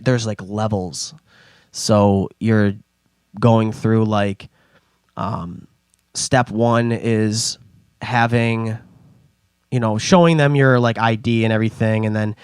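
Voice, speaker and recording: A podcast host, a young man, casually tells rambling travel stories, animating them with put-on voices for the people involved. His fairly low voice is smooth, recorded with clean studio sound and no room sound.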